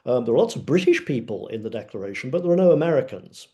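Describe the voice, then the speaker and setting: Male panelist, mellow tone, emphatic lecturing with frequent hesitations. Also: mid-range voice, animated, quick pace. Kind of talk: academic webinar talk.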